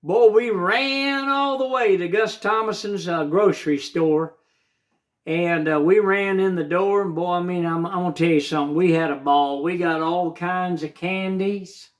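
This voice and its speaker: A man's voice: high voice, fairly even intonation, normal speed. A man in his seventies telling a childhood story as a channel host, in a folksy way and talking straight to his viewers. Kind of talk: casual storytelling of childhood memories.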